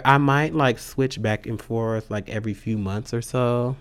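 Excitable guy vlogging, lots of likes and y'alls, mid pitch. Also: measured pace, clean tone. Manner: animated, excitable, many fillers; says "y'all" and "sis". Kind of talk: casual vlog update.

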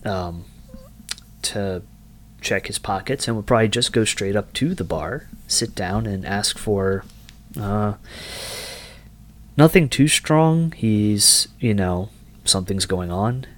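A man's voice: on the low side, animated, slow pace, pauses often, slight background noise. A man playing a tabletop role-playing game, thinking aloud about his character's choices with many fillers. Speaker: player. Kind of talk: casual tabletop game chat.

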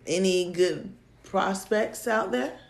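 A woman co-hosting a casual chat about dating, telling stories in an animated way and laughing often. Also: medium pitch, slow pace, vocal fry, background noise. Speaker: podcast co-host. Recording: echoey room.

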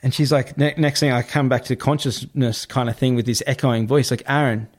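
A man, a podcast guest telling a story in a casual, animated way, often swearing and repeating himself. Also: medium pitch, brisk. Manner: animated, repetitive, swears freely.

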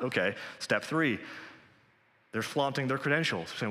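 A man preaches with a bright, forceful voice that carries a long hall reverb. His delivery is earnest and conversational, climbing to emphatic peaks. He speaks from a church sanctuary. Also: mid-range voice, animated, normal speed. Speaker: pastor. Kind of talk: sermon.

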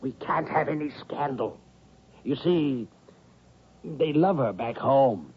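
A blustering, pompous university president in an old radio drama, stammering as he presses his point. His voice is very husky and breathy, and the recording sounds dull and lo-fi. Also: medium pitch, animated, slow, heavily acted. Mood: pressuring. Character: blustering middle-aged male university president. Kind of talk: 1970s radio drama acting.

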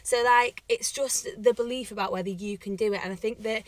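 A woman's voice: on the high side, fairly even intonation, brisk, no echo. A young woman co-hosting a podcast, chatting casually and giggling often, recorded outdoors. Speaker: podcast co-host. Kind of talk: casual chat. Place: outdoors in a cemetery at sunset.

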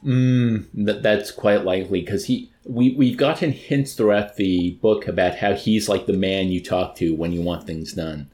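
A man's voice: deep voice, unhurried, hardly any pauses, darkish tone. A man reading a novel aloud expressively, then chatting about it casually as co-host. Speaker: reader and co-host.

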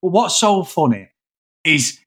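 A man's voice: on the high side, measured pace, slightly rough. A man co-hosting a casual film podcast, swearing and eagerly acting out his favourite scenes. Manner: animated, swearing, acts out scenes. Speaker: podcast co-host.

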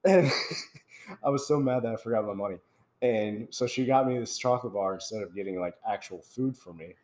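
A man's voice: lowish voice, brisk. A young man, casually telling a funny story on a podcast and laughing as he talks. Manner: animated, laughs while telling stories. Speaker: podcast host.

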